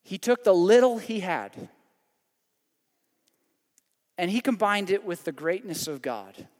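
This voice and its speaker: A male pastor preaching a sermon, telling a story dramatically and then moving into hushed prayer. His voice sits high for a man. A long reverb trails every phrase, as in a large sanctuary. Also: animated, takes it slowly.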